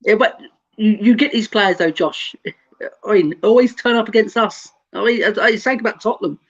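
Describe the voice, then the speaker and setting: An easygoing host chatting about football, laughing often as he reads viewers' comments. His voice sits a little higher than most men's. The audio is dull and lo-fi, like an online call. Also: brisk. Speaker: show host. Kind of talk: casual football chat.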